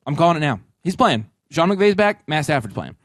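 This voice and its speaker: Fast-talking, emphatic man. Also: on the high side, sing-song, a bit bright, dry recording, studio quality. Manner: emphatic, rapid advice-giving. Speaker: podcast co-host. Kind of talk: casual chat.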